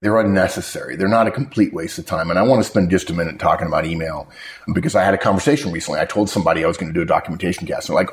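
A man with a very low voice hosts a casual podcast, talking with emphasis and leaping up in pitch when he stresses a point. He restarts sentences as he tells his stories. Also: rapid-fire. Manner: emphatic, with sudden jumps in pitch. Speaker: podcast host. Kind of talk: casual podcast talk on management.

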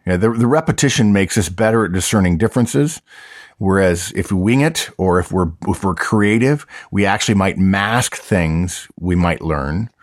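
Low-voiced man explaining, dry sound. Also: moderate pace, dry recording. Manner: thoughtful, restarts, explains. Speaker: co-host, management consultant. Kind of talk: casual analytical chat.

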